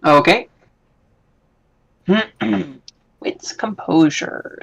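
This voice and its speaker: A man's voice: sits high, unhurried, a bit bright, low-quality recording. A man playing a tabletop game, reacting in character in short bursts. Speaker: player. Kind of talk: casual tabletop play.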